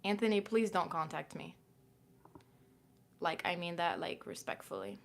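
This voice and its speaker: Young woman, livestreamer, casual and self-aware, lower pitch, reads text aloud between chat. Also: very animated, normal speed, gravelly. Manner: chatty and self-conscious, lots of "like".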